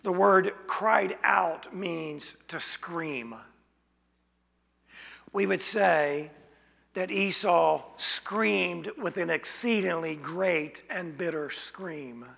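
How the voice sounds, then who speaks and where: Male preacher, slightly high, gravelly voice; slow deliberate sermon delivery in a reverberant hall. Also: a bit bright. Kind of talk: expository sermon.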